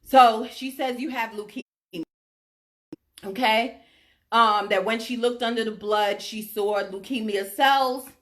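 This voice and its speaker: A woman's voice: fairly high pitch, fairly even intonation, a little slow. A middle-aged woman telling a personal story to her audience, emphatic and often checking in with her listeners. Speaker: vlogger sharing her diagnosis story.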